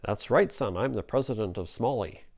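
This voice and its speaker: A self-important president speaking in a gravelly, folksy voice, as a man telling the story puts him on. The delivery stays close to an everyday talking voice. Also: lowish voice, normal speed, darkish tone.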